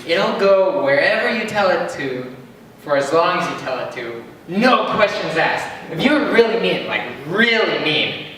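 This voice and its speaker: A man's voice: high voice, moderate pace, a crowd in the background. Young man doing stand-up in an echoey hall. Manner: deadpan, chuckling at his own jokes. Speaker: stand-up comedian. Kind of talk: stand-up comedy set. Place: open-mic stage in a hall. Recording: echoey hall recorded from far off.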